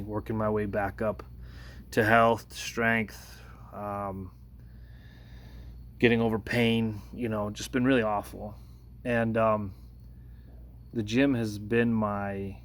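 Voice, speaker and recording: Guy with a lowish voice talking into his phone, earnest, lots of restarts, bit of faint background noise. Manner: earnest, hesitant, many restarts, rises in pitch when retelling the confrontation. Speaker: workplace de-escalator. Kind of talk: casual storytelling vlog.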